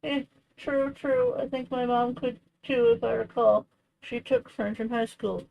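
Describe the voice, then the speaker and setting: Hosting a crafting livestream, a young woman chats casually and rambles, peppering her talk with "like" and "you know." Her voice is a little high, gravelly and a little slow, with a flat delivery, and the highs are cut off.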